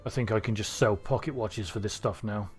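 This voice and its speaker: A man's voice: lowish voice, a little fast, soft background music. A man from Cornwall with a neutral English accent, rambling and thinking aloud through casual gameplay commentary. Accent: neutral southern English. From Cornwall, England. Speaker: streamer.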